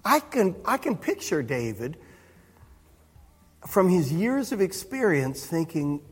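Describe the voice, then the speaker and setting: Husky, lively pastor in a reverberant hall. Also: male voice, high voice, slow pace, soft background music. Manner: conversational, self-interrupting, chuckling asides. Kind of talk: sermon.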